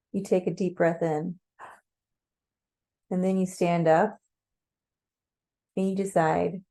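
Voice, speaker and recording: A woman narrating a guided meditation in a slow, calm, measured way. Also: fairly low pitch.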